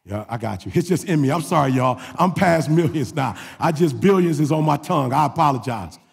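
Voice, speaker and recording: Gravelly preacher man, shouting and murmuring. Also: a little fast, in a large hall. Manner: swings from shouted preaching to low confiding asides. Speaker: pastor. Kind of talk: sermon.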